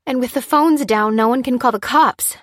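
A woman reading the lines of a frightened, indignant young woman, sharp and pressing, in a storybook reading. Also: sits high, normal speed, no room sound, clean studio sound, voice pushed up. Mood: alarmed.

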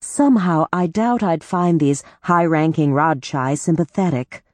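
A woman's voice: mid-range voice, big pitch swings, a little slow, darkish tone, no echo. A woman reading an audiobook, voicing a bitter, sarcastic woman with a sardonic, scornful manner. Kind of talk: audiobook character voice.

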